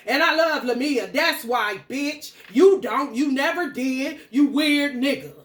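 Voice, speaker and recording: A woman's voice: high-pitched, a bit bright, roomy sound. A woman ranting angrily, confrontational and full of swearing. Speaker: spiritual content creator. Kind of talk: profane stream-of-consciousness rant.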